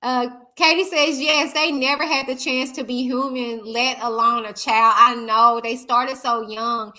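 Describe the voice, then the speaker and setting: A woman with a fairly high voice speaks at a measured pace while hosting a casual live stream. She chats, reads viewer comments aloud, and talks straight to her audience, calling them y'all in an animated, chatty way.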